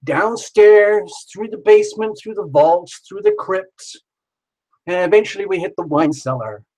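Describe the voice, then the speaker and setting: A man's voice: high voice, lively intonation, measured pace, darkish tone, rough recording. A man hosting a live tarot stream, who talks playfully and jokes around with sing-song asides. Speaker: tarot reader hosting a livestream.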